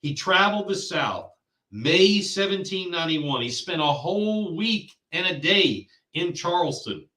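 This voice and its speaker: Angry guy ranting about local politics, slow talker, sharp bright voice, echoey room. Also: high voice, lively intonation, recorded from a distance. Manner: heated, ranting, insulting. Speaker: podcast host.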